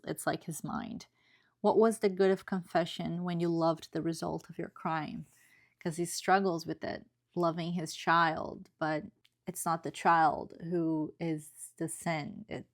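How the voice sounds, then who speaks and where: A woman giving an earnest, emotional book review in a casual, chatty way, often checking in with tag questions. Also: on the low side.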